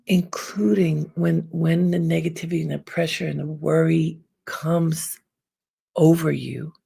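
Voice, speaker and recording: A woman hosting an inspirational self-help talk, giving calm, unhurried advice with frequent pauses. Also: low-pitched, gravelly, breathy edge. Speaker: host.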